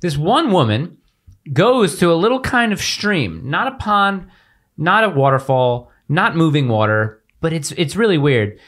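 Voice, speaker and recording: Male podcast host, chatty, animated, rambling, easily sidetracked. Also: on the high side, measured pace. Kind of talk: casual chat.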